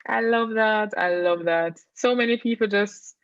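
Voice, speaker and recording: A young Jamaican woman in her twenties, a guest in an interview, talking in a measured way and explaining with examples. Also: medium pitch, no echo, lo-fi sound. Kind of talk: casual interview chat.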